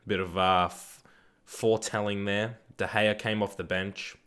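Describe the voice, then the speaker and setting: Laid-back Australian man, lowish voice. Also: little pitch movement, a little slow, fairly bright tone, clean tone. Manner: laid-back, rambling, swears casually; reads viewer chat aloud and answers it. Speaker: streamer. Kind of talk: live gaming stream chat.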